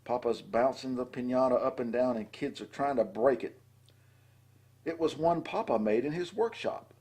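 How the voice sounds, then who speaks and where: An older man with a husky voice reading a children's storybook aloud and adding chatty asides between the lines. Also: medium pitch, normal speed, a little mellow. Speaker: storybook reader.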